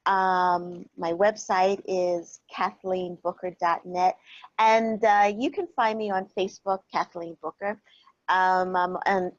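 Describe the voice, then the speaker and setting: A woman guest who is a calm coach, speaking gently and earnestly with spiritual blessings. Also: mid-range voice, no room sound, dull audio. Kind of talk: casual talk show chat.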